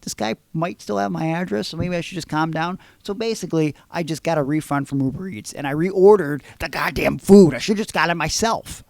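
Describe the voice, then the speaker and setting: A man hosting a podcast, telling stories in a casual, animated, profane way. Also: fairly high pitch, a little fast, creaky, few pauses, no room sound, clean studio sound. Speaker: podcast host. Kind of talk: casual chat.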